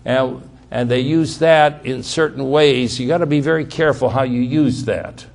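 A man preaching a sermon. He repeats key words for emphasis, restarts his sentences, and swings between loud emphatic passages and quiet asides. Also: mid-range voice, normal speed, vocal fry.

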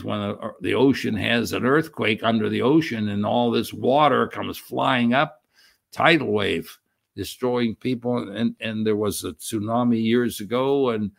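An older man preaching a sermon, reading scripture aloud with slow, emphatic stress and explaining it in a halting way with many restarts. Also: mid-range voice, creaky. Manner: unhurried, halting with frequent restarts and fillers; reads quoted verses with slow emphatic stress. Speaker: pastor.

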